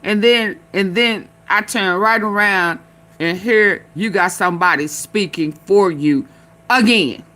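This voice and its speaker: Sassy woman streamer, bright voice. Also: medium pitch, a little slow. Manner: sassy, talks back at the clips; loose colloquial slang. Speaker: live-stream host. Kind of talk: casual live-stream commentary.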